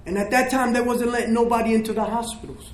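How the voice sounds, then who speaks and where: High-voiced older man giving testimony. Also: steady tone, quick pace. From South Bronx, New York. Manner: emotional, storytelling with quoted dialogue. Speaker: recovery speaker. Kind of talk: personal testimony speech. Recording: echoey room, faint noise.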